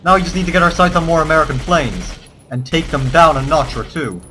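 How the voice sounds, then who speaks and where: Bright-voiced man commentating a war game. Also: on the high side, fairly quick, slight background noise. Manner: theatrical in-character war speeches mixed with swearing asides. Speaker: let's play gamer. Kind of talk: gameplay commentary.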